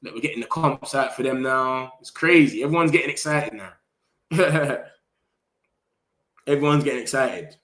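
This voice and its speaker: A young man runs a casual live stream. He talks fast and slangy straight to the people in his chat and gets excited easily. His voice sits at a middle pitch. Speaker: football livestream host.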